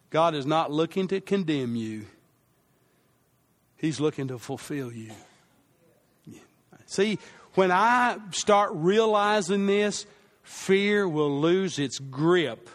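A male pastor delivers a sermon in a fairly high voice, unhurried and deliberate. He repeats his key lines for weight and has the congregation say phrases back with him. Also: fairly bright tone.

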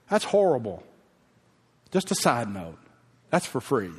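A man's voice: mid-range voice, big pitch swings, unhurried, long pauses, breathy edge. A man, a pastor telling a heartfelt personal story in a folksy sermon. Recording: long hall reverb.

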